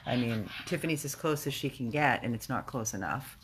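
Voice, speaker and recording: Very low-voiced woman rescue volunteer. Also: lively intonation, slight background noise. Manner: emotional, halting, with restarts. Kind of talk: casual video update. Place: rescue house, indoors.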